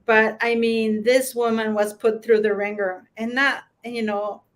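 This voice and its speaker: Woman, panelist, casual chat, emphatic, halting, slightly high voice. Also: level tone.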